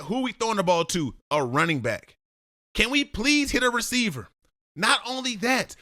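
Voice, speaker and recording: A man's voice: high voice, sharp tone, no room sound, clean studio sound. A man breaking down game film as a football analyst, blunt and lecturing, talking straight at the player he critiques.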